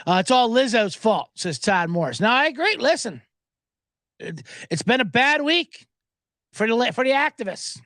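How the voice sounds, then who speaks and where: A man's voice: very high voice, big pitch swings, normal speed, pauses often, sharp tone, no room sound, clean studio sound. A man hosting a sports betting podcast, riffing sarcastically and profanely while reading viewer comments aloud.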